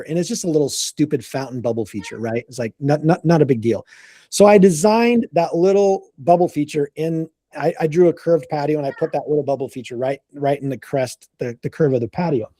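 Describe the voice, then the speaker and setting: A man telling a casual work story in an animated way, acting out the quotes and restarting his sentences often. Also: fairly high pitch, moderate pace, dry recording, clean studio sound.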